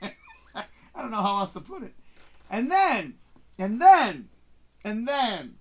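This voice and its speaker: A man hosting a casual live-stream show, reviewing a movie in an excitable, profane way and acting out his own reactions. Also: sits high, slow pace. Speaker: host.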